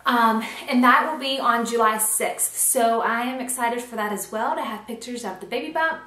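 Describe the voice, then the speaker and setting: A woman's voice: on the high side, moderate pace, pushed and bright, roomy sound. A pregnant woman chatting casually in a vlog, filling her talk with ums and little laughs, filmed on a camcorder in a small nursery room at home. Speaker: pregnancy vlogger. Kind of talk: casual chat. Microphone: handheld camcorder.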